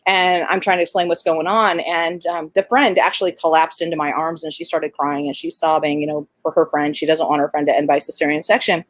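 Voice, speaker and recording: A woman who works as a midwife and doula tells a birth story in an animated, conversational way, with plenty of fillers. Her voice sits at a middle pitch. The recording is dry and close. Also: a little fast, few pauses, no room sound.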